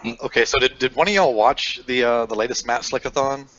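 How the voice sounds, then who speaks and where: A man in a casual late-night voice chat, curious and relaxed. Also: mid-range voice, a little fast, muffled recording.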